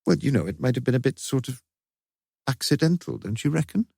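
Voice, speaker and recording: A man's voice: mid-range voice, big pitch swings, a little fast, gravelly, darkish tone, dry recording, clean studio sound, voice pushed up. A man reading the lines of a plain-spoken, easygoing police sergeant in an audiobook, chatty and musing. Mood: tentative.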